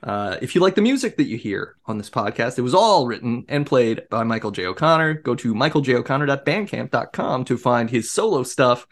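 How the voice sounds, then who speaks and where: A man co-hosts a podcast in easygoing chat, his voice swinging widely in pitch as he jokes around. He talks in an animated way and laughs often. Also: fairly quick, hardly any pauses. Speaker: podcast co-host. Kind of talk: casual chat.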